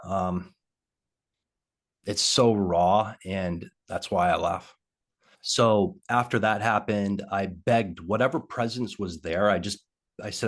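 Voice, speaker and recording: A man with a very deep voice tells his own story as a guest on a video call. His speech is halting and full of pauses and fillers. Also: steady tone. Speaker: interview guest.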